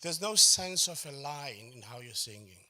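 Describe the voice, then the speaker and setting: Here a choral workshop leader talks in a mid-range, expressive voice at a moderate pace, sounding pushed and bright. His lecture unpacks phrasing gradually, with frequent "does it make sense?" checks and short sung or hummed phrases to illustrate.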